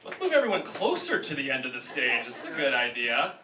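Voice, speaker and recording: A man's voice: medium pitch, huge pitch swings, heavy background noise. Man hosting a comedy roast. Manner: quick jokes, introducing acts. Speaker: roast host. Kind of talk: live comedy emcee. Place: comedy club stage with audience. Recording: echoey club, crowd, from far off.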